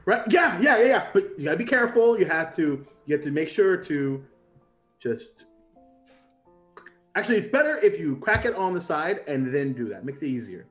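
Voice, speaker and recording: A man's voice: on the high side, very animated, normal speed, a bit bright, faint music behind. A man voicing an eager half-elf cook who is bossy and likes to brag, in tabletop role-play. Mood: teasing. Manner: bossy, teasing, bragging.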